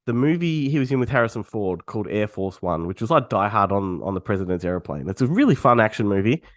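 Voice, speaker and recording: A man co-hosting a podcast in casual chat, his voice husky for now, relaxed as he shares movie trivia. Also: on the low side, quick pace, no room sound, studio quality. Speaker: podcast co-host.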